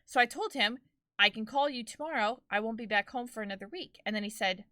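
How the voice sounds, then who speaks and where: Chatty young woman streamer, bright voice. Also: fairly high pitch, fairly quick, no room sound, clean studio sound. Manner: chatty, storytelling, laughs often. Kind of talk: casual chat with live chat.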